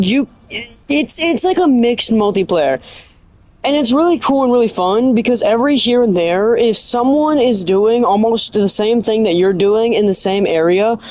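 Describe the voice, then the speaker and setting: An excitable streamer rambling about a game, often stopping mid-thought to correct the story. The voice is middle-pitched and animated. The sound is dry, with little room echo. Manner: rambling, excitable, keeps restarting and correcting itself; animated storytelling with bursts of laughter. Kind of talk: casual streaming chat.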